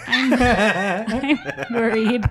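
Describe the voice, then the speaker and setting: A woman's voice: on the high side, very slow. A woman co-hosting a casual podcast, reacting to her partner with laughs and short exclamations. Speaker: podcast co-host. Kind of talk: casual chat. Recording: noisy line.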